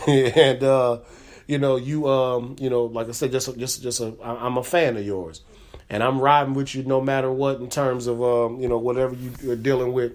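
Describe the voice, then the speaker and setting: A man's voice: mid-range voice, fairly even intonation, normal speed. A man hosting his own comedy podcast, telling a story in a rambling casual way with lots of fillers and repeated words. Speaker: podcast host. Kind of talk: casual chat.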